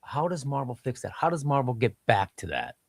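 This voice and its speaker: A man's voice: medium pitch, big pitch swings, fairly quick, dry recording, clean studio sound. A man in a casual comics chat, eager and emphatic, asking lots of questions. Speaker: comics discussion panelist.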